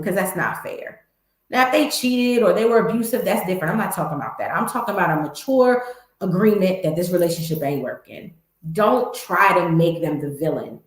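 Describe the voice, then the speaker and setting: Candid woman with an echoey sound. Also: lowish voice. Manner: candid, emphatic, talks straight to viewers. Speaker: host. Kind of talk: motivational vlog talk.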